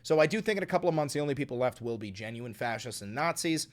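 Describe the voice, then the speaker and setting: A man's voice: medium pitch, quick pace. A man hosting a live-streamed political commentary show, reading news stories aloud and riffing on them with profanity. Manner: animated, profane, reads news aloud then riffs.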